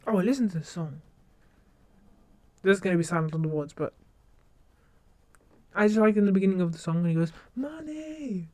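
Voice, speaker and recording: A woman's voice: lowish voice, a little fast, pauses often, dark tone. A young woman chatting casually on a livestream, rambling along and often restarting her sentences. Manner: rambling, self-interrupting with many restarts. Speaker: streamer.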